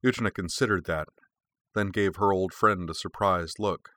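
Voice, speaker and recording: A man narrating an audiobook in a measured, expressive reading. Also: deep voice, no echo.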